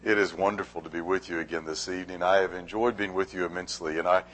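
A man with a very deep voice delivers a sermon as a visiting preacher. He speaks graciously and takes his time, pausing and restarting as he goes. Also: fairly even intonation, a bit bright. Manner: gracious, unhurried, with halting pauses. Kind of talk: sermon with a warm-up story.

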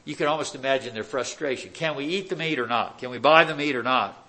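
A man's voice: medium pitch, quick pace, pushed and bright. A man preaching a verse-by-verse sermon in a conversational way, with rhetorical questions and dry sarcastic asides. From United States. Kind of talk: expository sermon.

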